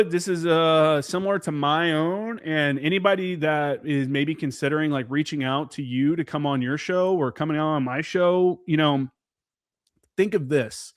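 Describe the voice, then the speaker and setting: A man's voice: a little high, normal speed, dry recording, studio quality. A man who served as a Marine forward observer, talking candidly as a podcast guest and swearing freely. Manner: candid, profane, peppered with "dude" and "man". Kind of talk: casual podcast chat.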